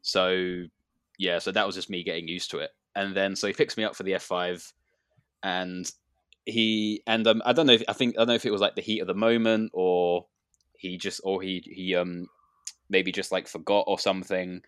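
A man's voice: low-pitched, flat delivery, moderate pace, fairly bright tone, clean tone, no echo, clean studio sound. A man who wrestles, telling a story in a rambling casual chat with many fillers and restarts.

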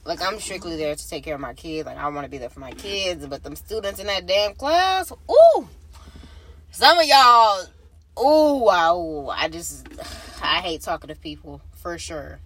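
A woman's voice: on the low side, normal speed. A teenage girl co-hosting a casual podcast, telling stories with lots of swearing. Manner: animated storytelling, lots of swearing. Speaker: podcast co-host. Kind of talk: casual chat.

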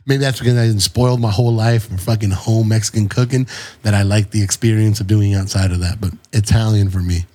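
A man with a fairly low voice chats on a podcast mic, blunt and joking, with plenty of swearing. He comes from San Diego and speaks in a loose, casual way. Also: fairly even intonation, a little fast, mellow. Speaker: podcast co-host.

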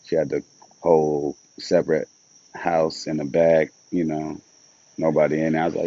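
A man's voice: rumbling low, level tone, moderate pace, dull audio. A young man hosting a solo podcast, rambling casually with loads of slang and swearing. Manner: loose, rambling and upbeat, with lots of slang and swearing.

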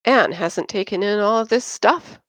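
A woman's voice: mid-range voice, moderate pace, no echo, voice pushed up, close to an everyday voice. A woman reading aloud and voicing Josh, a jovial male pilot who teases with sarcasm. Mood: teasing.

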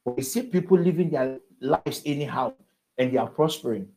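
A pastor at an evening service, earnestly exhorting the congregation and leading prayer. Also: male voice, medium pitch, normal speed, warm tone, low-quality recording.

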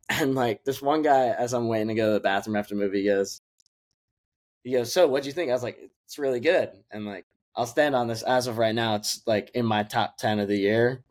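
Podcast co-host, young adult male, lower pitch, loose, filler-heavy casual chat. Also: fairly even intonation, a little fast. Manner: rambling, many "like" fillers and restarts. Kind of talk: casual movie review chat.

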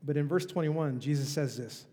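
A man's voice: fairly high pitch, normal speed, warm tone, in a large hall. A male pastor preaching a sermon in a conversational, emphatic way, with rhetorical questions. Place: church.

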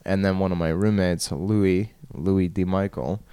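A man's voice: low-pitched, fairly even intonation, a little slow, dark tone, clear, resonant tone, dry recording. A young man in his twenties, from Michigan, hosting a solo podcast from his bedroom, rambling with frequent laughs and self-deprecating asides. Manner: self-deprecating, laughs often, trails off and restarts. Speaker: podcast host. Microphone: studio microphone at a computer.

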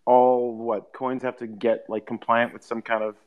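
A man in a casual podcast chat, rambling loosely and leaning on fillers as he thinks aloud. His pitch sits in an ordinary middle range. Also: little pitch movement, normal speed, clean tone, narrow, tinny audio. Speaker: podcast host.

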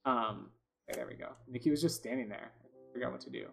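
A man's voice: mid-range voice, fast talker, gravelly, a bit bright, soft background music. Rambling man doing game commentary. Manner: rambling, many fillers and restarts, frustrated outbursts. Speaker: gaming video host. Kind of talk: casual gameplay commentary.

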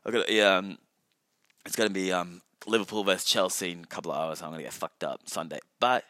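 A man's voice: deep voice, quick pace, pushed and bright, dry recording, studio quality. A young man hosting a casual solo podcast, rambling and self-mocking, swearing often. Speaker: podcast host.

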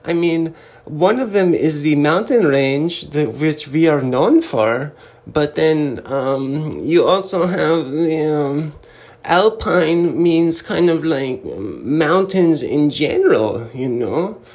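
A man doing a prim, pompous Swiss gentleman. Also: fairly high pitch, expressive, takes it slowly. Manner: stiff, formal and pompous.

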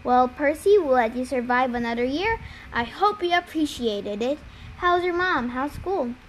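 A woman reading a storybook aloud and voicing a smooth, persuasive young villain in close to her own voice. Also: sits high, animated, normal speed, a little hiss or hum.

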